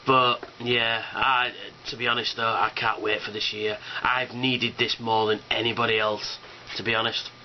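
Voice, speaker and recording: A man's voice: mid-range voice, level tone, moderate pace, hardly any pauses, dull audio, slight background noise. A man rambling casually about a fan convention, enthusiastic and swearing, with lots of fillers. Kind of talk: casual rambling video response.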